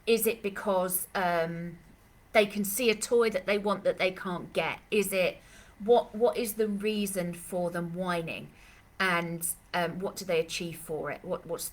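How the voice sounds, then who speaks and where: A woman's voice: on the low side, unhurried. A woman dog trainer answering questions in a live Q&A, chatty and rambling, with lots of fillers and restarts, speaking. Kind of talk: live Q&A session.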